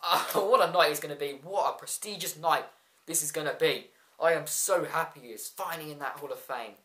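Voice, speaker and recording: A wrestling show reviewer talking casually, excitable and rambling with quick asides. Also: mid-range voice. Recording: echoey room.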